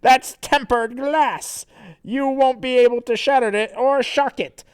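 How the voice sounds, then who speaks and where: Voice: sits high, fairly even intonation, measured pace, smooth, dry recording, studio quality, pitched above the performer's own voice. A streamer voicing a pompous, scheming villain doctor who gloats and laughs. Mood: gloating.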